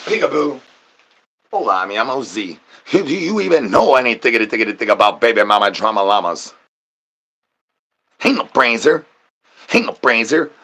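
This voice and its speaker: A man with a husky, breathy edge to his voice hosts his own stream in a rambling, absurd comedy monologue. His patter is crude and slangy, looping back to playful catchphrases again and again. His pitch sits in an ordinary middle range. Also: sing-song, normal speed, long pauses, bright, forceful tone.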